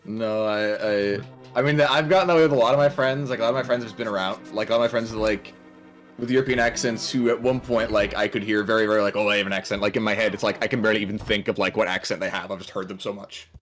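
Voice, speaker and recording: A man's voice: fairly low pitch, fairly even intonation, fast talker, fairly bright tone, soft background music. A man chatting casually as a guest on a game stream, rambling and self-deprecating.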